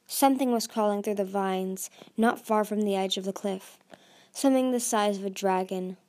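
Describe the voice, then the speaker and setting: A woman's voice: medium pitch, moderate pace, darkish tone. A woman reading a dragon fantasy novel aloud as an amateur narrator, with frequent slips and restarts.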